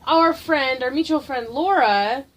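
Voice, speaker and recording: A woman co-hosting a podcast, telling an animated, swearing story in casual chat. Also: high voice, a little slow. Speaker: podcast co-host.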